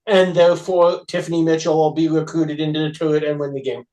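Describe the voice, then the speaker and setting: Male co-host, slightly higher voice, laid-back and agreeable. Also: flat delivery, fast, dark tone, poor audio. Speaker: podcast co-host. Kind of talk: casual chat.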